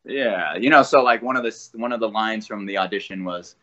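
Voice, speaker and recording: A man's voice: on the low side, brisk, lo-fi sound. A man, a voice actor guest, talking enthusiastically in a casual podcast interview. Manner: enthusiastic, animated storyteller.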